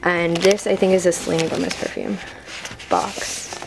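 A woman's voice: lowish voice, flat delivery, fast, creaky, background noise. A teenage girl giving a rambling, filler-heavy room-tour vlog to a handheld camera in her bedroom. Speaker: vlogger.

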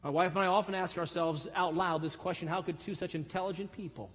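A middle-aged male pastor preaching a sermon, swinging from loud, fervent rises to soft, low drops. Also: steady tone, fast talker, long reverb tail. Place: church sanctuary.

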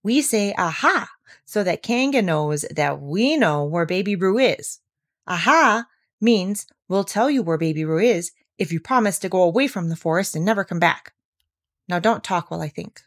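A woman voicing a bossy, self-important male rabbit who speaks briskly and solemnly. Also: lowish voice, expressive.

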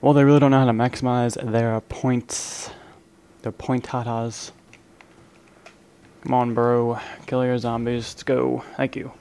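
A young man talking through a round of an online zombie game in a relaxed, joking way, counting his kills and ribbing the random players beside him. He leans in close to his desk microphone so his voice carries over the game. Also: medium pitch, a little slow, slight background noise. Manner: casual, joking banter at other players. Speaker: gaming channel host. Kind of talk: live gameplay commentary. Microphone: desk microphone, leaning in to be heard.

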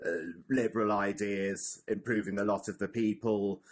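Husky man chatting about history. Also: on the low side, little pitch movement, normal speed. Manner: thoughtful, many fillers and restarts. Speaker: podcast co-host. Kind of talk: casual history chat.

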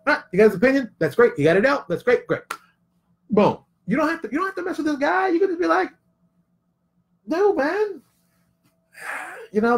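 A middle-aged man talks straight to his listeners in a casual opinion monologue, his voice swinging widely up and down as he presses each point. He sits a little higher than most men and hammers lines home by repeating them. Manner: animated, emphatic, repeats phrases for effect. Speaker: commentary vlogger.

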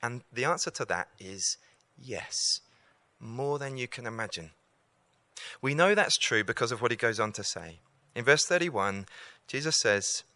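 A man's voice: medium pitch, animated, measured pace, pushed and bright, no echo. A man giving an evangelistic talk to students, earnest and repeating key lines for emphasis. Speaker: campus preacher.

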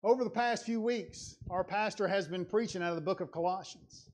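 High-voiced man preaching a sermon. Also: a little fast. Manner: earnest, conversational preaching with rising emphatic passages. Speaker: lay preacher. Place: church sanctuary.

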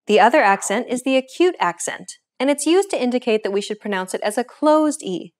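A woman hosting a language lesson, reading a script with a clear, upbeat teacher's delivery. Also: a little high, expressive, fairly quick.

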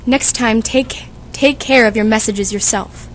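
A woman's voice: on the high side, slight background noise, natural voice. A woman playing a fussy, chatty old nurse who complains and teases, reading for a school audiobook. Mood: fussing. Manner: complaining, teasing, drawn-out.

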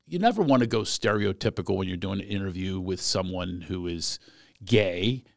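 A man's voice: sits low, expressive, moderate pace, creaky, dry recording, clean studio sound. A middle-aged man hosting a podcast, a comedian who teases his guest and chats casually. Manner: chatty, teasing interviewer who jumps in.

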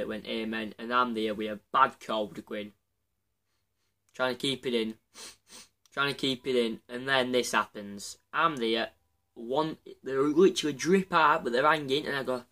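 A channel host with a Yorkshire accent rambles through embarrassing stories about himself, chatty and laughing at his own expense. His medium-pitched voice is bright and forceful, with fairly even intonation at a normal speed.

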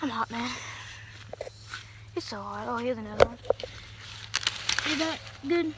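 A high-voiced young woman vlogger talks unhurriedly to her viewers, chatty, rambling and a little out of breath. She holds the phone in one hand out in a cornfield, with plenty of outdoor noise beneath her voice.

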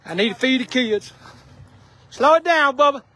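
A man's voice: very high-pitched, animated, normal speed, pushed and bright. A man talking casually in a vlog outdoors. He calls out short directions and then hawks things for sale in a joking patter. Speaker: vlog host.

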